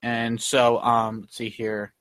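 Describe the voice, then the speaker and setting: A man's voice: mid-range voice, completely flat delivery, takes it slowly, a bit bright, no room sound. Man rambling through a casual recap. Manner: rambling, filler-heavy retelling with many "like" and "um". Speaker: podcast host. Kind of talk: casual chat recapping a comic.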